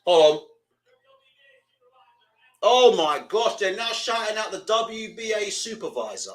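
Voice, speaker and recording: A young man with a fairly high voice chats casually over a live boxing stream. He rambles, swears freely and reads viewers' comments aloud between bits of commentary. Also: expressive, moderate pace, fairly bright tone, low-quality recording.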